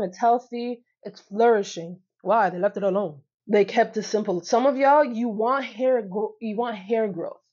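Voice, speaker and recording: A woman's voice: on the high side, mellow, slightly rough, highs cut off. A young woman vlogging casually to camera, sassy and emphatic, repeating phrases for punch and laughing often. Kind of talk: casual direct-to-camera talk.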